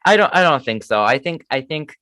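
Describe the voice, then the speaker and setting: A man's voice: fairly high pitch, big pitch swings, fairly quick, bright, forceful tone, dry recording. A man co-hosting a fan podcast, talking eagerly and making fun of his own attempts. The sound is close and dry, with no room around it. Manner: enthusiastic fan talk, self-deprecating. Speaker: podcast co-host. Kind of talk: casual chat.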